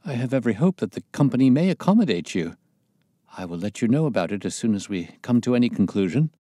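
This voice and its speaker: A man voices an agitated, terrified middle-aged company director, strained and pleading. His mid-range voice swings widely in pitch at a moderate pace with a darkish tone, pitched above his own natural voice. The recording is dry and clean, studio quality.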